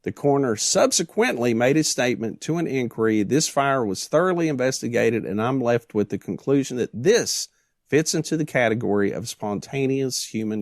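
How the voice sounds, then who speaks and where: Guy on a podcast reading out case reports, middle pitch, dry close sound, jokey asides. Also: gravelly, no echo. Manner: dry, joking asides between read passages. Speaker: podcast co-host. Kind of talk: casual chat, reading case reports aloud.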